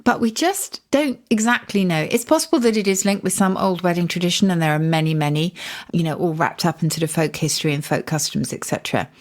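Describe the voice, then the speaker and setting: A middle-aged woman co-hosts a podcast with a notably low voice. She explains word origins in a thoughtful, lively way and leans on words for emphasis. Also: quick pace. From Yorkshire. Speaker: podcast co-host.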